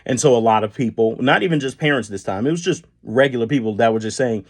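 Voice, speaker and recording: A man's voice: mid-range voice, fast talker. A man hosting a solo podcast, speaking earnestly and emphatically, often restarting words and pushing up on key points. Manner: earnest, emphatic, with frequent restarts and rising stresses. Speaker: podcast host. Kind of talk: solo commentary monologue.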